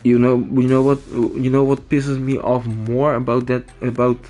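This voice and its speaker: A man's voice: mid-range voice, little pitch movement, normal speed, mellow. A man venting while he plays a game, agitated, restarting and repeating words and swearing as he tells his story. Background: game audio and music.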